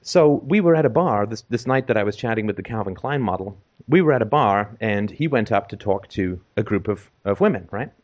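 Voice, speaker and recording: A middle-aged man from Canada tells a story in casual conversation. His voice sits a little low, and he rambles along with fillers and restarts. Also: animated, fairly quick, few pauses, dull audio. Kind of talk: casual anecdote.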